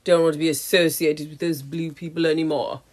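A woman voicing a snobbish, haughty female avatar who talks with posh, drawn-out airs. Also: low-pitched, level tone, a little mellow, pitched below the performer's own voice.

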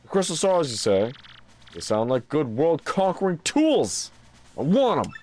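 A man voicing a huge, hot-tempered male turtle-dragon king, loud and blustering, during a game playthrough. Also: fairly high pitch, wildly swooping pitch, measured pace, a little hiss or hum, voice pushed up. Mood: gruff.

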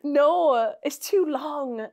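A woman's voice: high-pitched, extremely slow, darkish tone. A woman with a Welsh accent chatting casually as a podcast guest, teasing and laughing often. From Wales. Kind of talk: casual chat.

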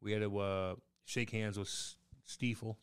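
A man's voice: on the low side, flat delivery, unhurried, smooth. Rowdy, foul-mouthed podcast guy. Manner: profane, rowdy joking banter. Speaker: podcast co-host. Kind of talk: casual chat.

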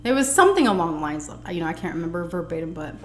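A woman's voice: on the low side, racing, slight background noise. Chatty woman telling a story, echoey room. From United States. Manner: chatty, animated storytelling with quoted dialogue. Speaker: vlogger. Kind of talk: storytelling while eating.

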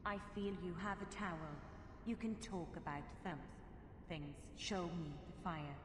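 A woman voicing a soft-spoken female game character with a Welsh accent, speaking quietly, slowly and haltingly. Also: on the low side, lightly acted. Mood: gentle. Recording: roomy game audio with long reverb and clear background hiss.

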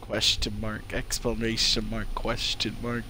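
A man's voice: lowish voice, completely flat delivery, a little slow, a crowd in the background. A man streaming a video game, chatting casually, swearing and laughing, yelping and screaming at sudden deaths. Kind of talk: casual gameplay chat.

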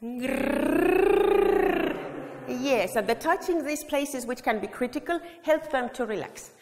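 A woman's voice: high voice, expressive, normal speed, heavy background noise. Woman leading a singing workshop in a hall. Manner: leads the audience through vocal exercises, often singing phrases. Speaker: choir education presenter. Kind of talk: workshop demonstration with sung examples. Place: large hall. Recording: long hall reverb.

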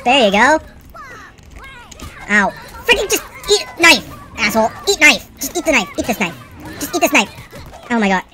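A woman's voice: on the high side, very animated, moderate pace, long pauses, sharp tone, soft background music. A woman playing a video game and reacting aloud, exasperated, exclaiming and cursing at what happens on screen. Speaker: let's play gamer. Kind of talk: live gameplay commentary.

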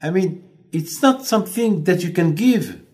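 A man's voice: high voice, animated, measured pace, a little mellow, voice pushed up. A man voicing Moses as a humble leader who protests sharply, then speaks with reverence. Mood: reverent.

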